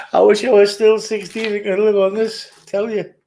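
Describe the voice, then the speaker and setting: A man's voice: high-pitched, flat delivery, unhurried, a little mellow, a little hiss or hum, low-quality recording. A man at his office desk, chatting casually to camera in a jokey, rambling way with muttered asides. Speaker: vlogger.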